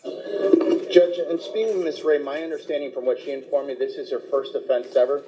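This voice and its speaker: A man speaking as a defense attorney in a courtroom, pleading for his clients in a halting way with fillers. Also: fairly high pitch, steady tone, dark tone. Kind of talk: courtroom advocacy. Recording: dull, slightly noisy courtroom audio.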